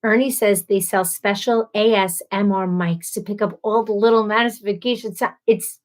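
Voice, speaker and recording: A woman in her thirties hosting a casual live stream, ranting in an animated, exasperated way and acting out quoted voices. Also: mid-range voice, normal speed.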